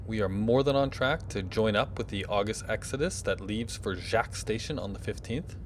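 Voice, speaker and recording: A man's voice: lowish voice, normal speed, a little hiss or hum. A man hosting his own gaming channel, talking casually over gameplay and thinking aloud with fillers.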